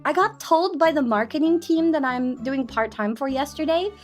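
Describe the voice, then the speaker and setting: A woman's voice: sits high, moderate pace, faint music behind. A young woman chatting casually on a live stream, bubbly and giggly.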